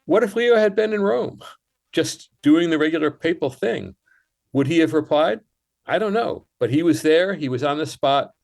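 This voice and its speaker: A man, a writer, speaking as a guest in a radio interview, explaining in a measured and thoughtful way. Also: a little high, expressive, vocal fry, a little mellow.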